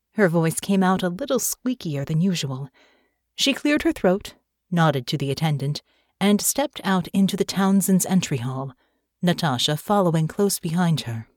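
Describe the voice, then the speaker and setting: Narrate as a woman in a lower register, measured and even, in a dry, close booth sound. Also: dry recording. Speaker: audiobook narrator. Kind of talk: scripted narration.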